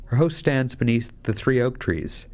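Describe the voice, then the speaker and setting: A man's voice: medium pitch, lively intonation, moderate pace, a little mellow, close to an everyday voice. A man voicing an innocent little girl in a fairy tale. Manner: earnest, trusting. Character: innocent, polite young girl.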